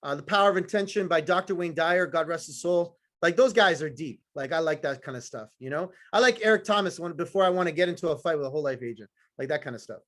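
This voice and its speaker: A man with a notably high-pitched voice delivers a live motivational talk to a sales team. He is blunt and profane, teases his listeners, and hammers his points home in short, repeated phrases. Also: quick pace, hardly any pauses, fairly bright tone. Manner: blunt, profane, fired-up, teasing the audience; repetitive punchy phrasing. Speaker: motivational speaker.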